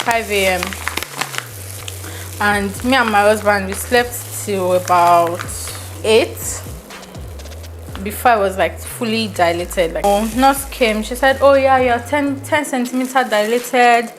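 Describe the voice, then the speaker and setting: A woman telling a story in an animated, laughing way while cooking in her home kitchen. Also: medium pitch, slow pace, long pauses, slight background noise, poor audio. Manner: animated, laughing, mixes in slang. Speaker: vlogger. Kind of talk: storytelling vlog. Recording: kitchen with loud frying sizzle.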